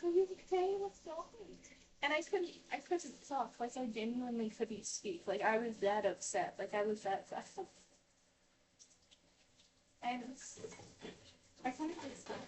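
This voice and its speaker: A woman with a high voice rambles through a personal story, stopping and restarting her sentences and leaning on fillers. She talks while washing dishes in a home kitchen. The mic sits a good way from her, so she sounds distant. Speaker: vlogger.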